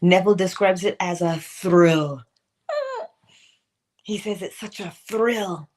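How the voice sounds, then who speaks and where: A middle-aged woman hosts a morning inspirational livestream, offering a motivational talk where she asks pointed questions and jokes playfully to herself. Her voice is on the low side, slow, and a little mellow.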